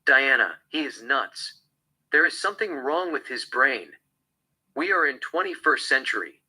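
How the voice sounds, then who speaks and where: An outspoken female TV reporter delivers her report, voiced by a man reading from a script. The tone is bright and a little husky, read flatly. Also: mid-range voice, a little slow, full character voice, low-quality recording.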